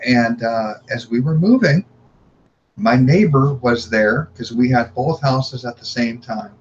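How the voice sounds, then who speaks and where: A man recounts a story as a podcast guest, earnest and prone to repeating himself. His voice sits at an ordinary pitch. The audio is slightly dull, with a faint hum underneath. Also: a little slow. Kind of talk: storytelling in conversation.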